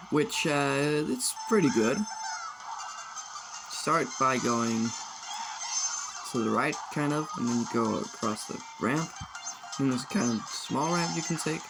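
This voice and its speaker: A man's voice: mid-range voice, lively intonation, slow, gravelly, pauses often, poor audio. A man giving casual, rambling commentary over gameplay, often unsure and sometimes mock-outraged. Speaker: gaming video creator. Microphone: phone. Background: video game music.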